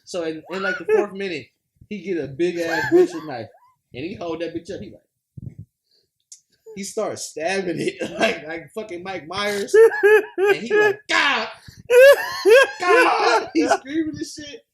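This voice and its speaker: A man co-hosting a podcast, telling funny TV scenes in a loose, animated way, acting out the characters and laughing often. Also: high voice, unhurried, pauses often, a crowd in the background, low-quality recording. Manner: animated storytelling, acts out scenes in other voices, laughs a lot. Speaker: podcast co-host. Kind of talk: casual chat.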